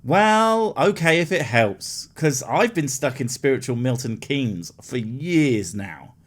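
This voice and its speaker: A man's voice: medium pitch, lively intonation, slow. A man giving sarcastic, mocking comedy commentary over a video.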